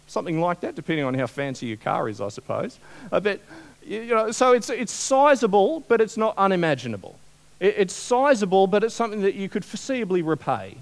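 A man preaching a sermon, conversational and animated, often asking the congregation questions. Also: sits high, creaky.

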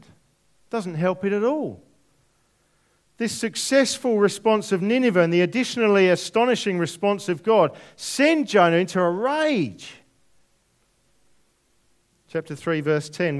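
A man preaching a sermon, reading scripture aloud and explaining it with deliberate, dramatic emphasis. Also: fairly high pitch. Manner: slow, deliberate, dramatic drops to near whisper on key words.

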